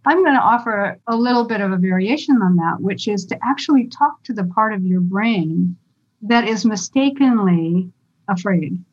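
Woman, stage fright coach, calm, explanatory, reassuring, slightly dull lo-fi audio. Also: mid-range voice, moderate pace, husky. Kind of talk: guest interview explanation.

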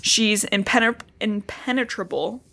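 A woman at a middling pitch recaps a book on a podcast in loose, casual chat. She swears freely and stays sarcastic throughout, dropping into brief voices when she quotes the characters. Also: gravelly, sharp tone. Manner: profane, sarcastic, acts out characters' lines in quick voices.

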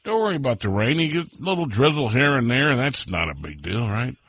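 A man's voice: medium pitch, big pitch swings, fast, vocal fry, a bit bright, slightly rough. A man hosting a polka radio show, chatting casually and rambling through friendly greetings to listeners. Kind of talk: casual radio chat with listener shout-outs.

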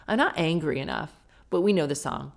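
A woman hosting a podcast, chatting frankly and quickly breaking into laughter. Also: low voice, animated, gravelly. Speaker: podcast host. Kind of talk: casual chat.

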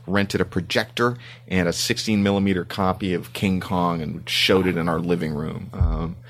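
A man's voice: deep voice, fairly even intonation, moderate pace, fairly bright tone. A middle-aged man from Canada, a screenwriter being interviewed, talking casually and rambling with frequent ums and restarts. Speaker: guest screenwriter.

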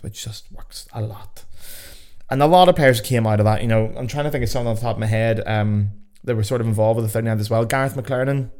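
A man with a Northern Irish accent hosting a casual solo podcast, chatty and excitable, swearing freely as he talks. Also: mid-range voice. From Northern Ireland. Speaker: podcast host. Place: home.

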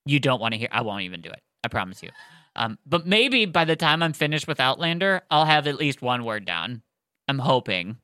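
A podcast co-host chatting excitedly about a book series and reading it aloud, with lots of "like" and fillers. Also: medium pitch, brisk, clear, resonant tone, no room sound, studio quality. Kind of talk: excited casual chat and read-aloud.

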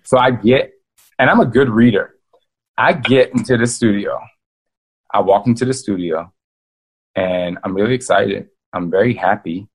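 A man, an author and guest, telling a casual, animated story and speaking straight to his listeners. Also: fairly low pitch, moderate pace, long pauses, a little hiss or hum, rough recording. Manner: animated, addresses listeners as "y'all".

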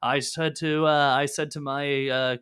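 A man voicing a scheming merchant lord who speaks in theatrical, booming exclamations. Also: flat delivery, a little slow, a bit bright, smooth. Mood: effusive. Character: scheming merchant lord, middle-aged man, falsely cheerful.

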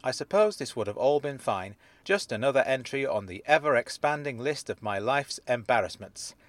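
A man narrating his own story in first person, in a deadpan, self-deprecating manner. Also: mid-range voice, normal speed, no room sound.

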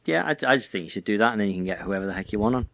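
Low-voiced man giving dry remarks. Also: lively intonation, racing, gravelly, a bit bright, slight background noise. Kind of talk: casual chat.

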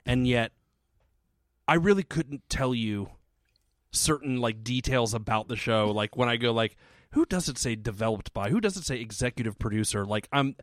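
A man's voice: mid-range voice, animated, normal speed, no room sound, clean studio sound. A man co-hosting a podcast in casual chat, bantering, joking and swearing. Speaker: podcast co-host.

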